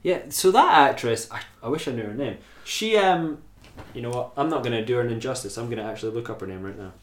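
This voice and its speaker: A man's voice: mid-range voice, expressive, fast talker. A man hosting a podcast, rambling casually and swearing freely as he talks through a film. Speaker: podcast host. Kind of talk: casual film review chat. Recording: roomy echo.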